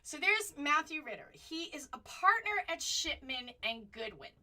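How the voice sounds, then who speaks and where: A woman's voice: high-pitched, big pitch swings, normal speed, sharp tone, recorded from a distance. A woman hosting a political commentary show from home, talking casually and passionately, rambling and jumping between points.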